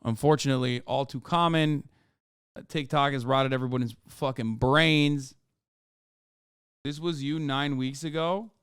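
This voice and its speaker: Clear-voiced, exasperated man ranting on stream. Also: mid-range voice, fairly even intonation, measured pace, a bit bright, no echo, clean studio sound. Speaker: streamer reacting to videos. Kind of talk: casual live-stream commentary.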